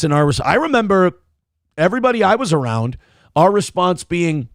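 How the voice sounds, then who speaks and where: A man's voice: sits high, sing-song, brisk, no room sound, clean studio sound. A man from Minnesota hosting an internet morning show, reading viewer donations aloud and riffing on the news in a crude, blunt, sarcastic way. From Minnesota, USA.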